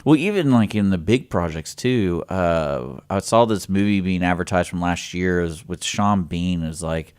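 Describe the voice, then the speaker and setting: Man, very low voice, radio host, casual chat, animated storyteller, quotes people in voices. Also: moderate pace, few pauses, clean tone.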